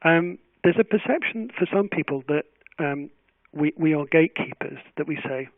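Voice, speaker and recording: A man answers questions in a webinar as a journal editor. His voice sits a little high, and he is thoughtful and measured, restarting his phrases often. The audio is tinny, phone-like and dry. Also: no room sound.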